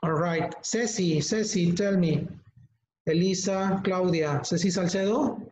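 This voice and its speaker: A man hosting a live online teacher-training webinar, speaking slowly and deliberately, repeating words and calling on participants by name. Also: sits high, a little mellow. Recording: echoey, slightly muffled webinar audio.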